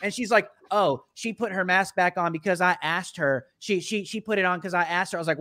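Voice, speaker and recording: A man hosting a casual talk show, telling a story with lots of energy. His voice sits high for a man, and he jumps into the voices of the people he quotes, laughing along the way. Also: fairly quick, hardly any pauses. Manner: animated, acts out quoted people, laughs often. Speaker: podcast host.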